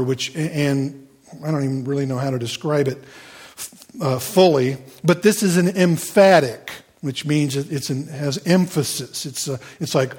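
A middle-aged man preaching a sermon in a loose, conversational way. He talks with frequent fillers and restarts and throws playful asides to the congregation. His voice sits a little on the high side. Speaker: pastor.

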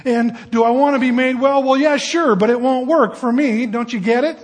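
A man's voice: extremely high pitch, normal speed, long reverb tail, pitched above the performer's own voice. A man preacher voicing a whiny, self-pitying man who lists excuses and grievances. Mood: whining. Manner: complaining, exasperated, piling up grievances. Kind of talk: sermon illustration.

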